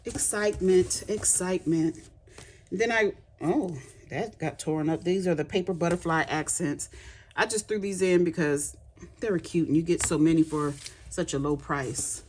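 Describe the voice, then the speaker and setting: A woman's voice: on the low side, unhurried, noisy background. A woman demonstrating craft supplies in a casual unboxing chat, chatty and gushing with delight. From United States.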